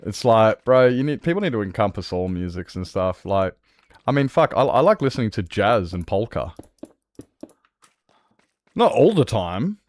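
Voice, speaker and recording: A man with an Australian accent streaming a game, chatting with his audience in a vulgar, jokey way that is rough around the edges. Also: on the low side, normal speed, long pauses. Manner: animated, jokey, laughs often. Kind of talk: live game-stream chat.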